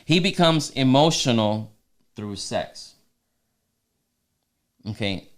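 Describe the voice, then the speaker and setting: A man co-hosts a faith-based marriage podcast, speaking earnestly yet casually with frequent restarts and teasing asides. His mid-range voice is expressive and slow.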